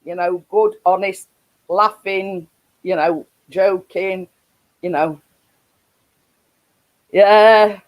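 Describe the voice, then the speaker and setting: A woman's voice: mid-range voice, fairly even intonation, extremely slow, pauses often, low-quality recording. A woman with a Yorkshire accent hosting a casual live stream, rambling with frequent laughs and restarts.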